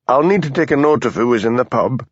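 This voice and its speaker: A man voicing a patient, dry-witted police constable with a Scottish Highland accent. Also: animated, fast talker, husky, no room sound. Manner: mild, patient, blunt when annoyed. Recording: dull lo-fi audiobook recording.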